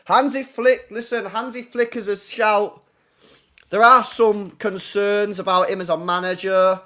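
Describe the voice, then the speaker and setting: A man's voice: on the high side, a bit bright. A man hosting a casual football livestream, blunt and profane, often repeating himself. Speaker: football channel host.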